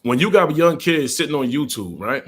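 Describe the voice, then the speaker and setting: A man's voice: a little high, animated, normal speed, fairly bright tone, husky. A middle-aged man hosting a live stream, a truck driver ranting bluntly, repeating himself and greeting viewers. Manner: blunt, repetitive, greets viewers mid-rant.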